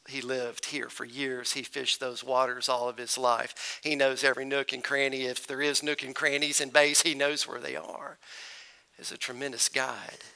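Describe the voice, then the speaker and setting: A man's voice: medium pitch, gravelly, pushed and bright. A man preaching to his congregation, telling a folksy story and calling them folks and y'all. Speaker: pastor. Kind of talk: storytelling sermon. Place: church.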